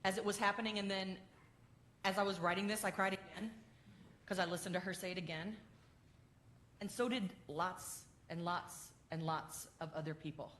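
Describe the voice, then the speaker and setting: A woman minister giving an animated, heartfelt address to her congregation and quizzing them along the way. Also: on the low side, moderate pace, slight background noise. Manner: animated, quizzes the congregation, grows tender and emotional. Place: church sanctuary. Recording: echoey sanctuary.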